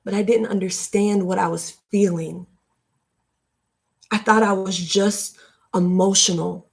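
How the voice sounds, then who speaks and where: A woman in her late twenties hosting a live stream, giving a heartfelt motivational talk. She repeats her points emphatically, like a preacher, and turns soft and emotional. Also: medium pitch, fairly even intonation, unhurried, creaky, husky. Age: late 20s. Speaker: livestream host.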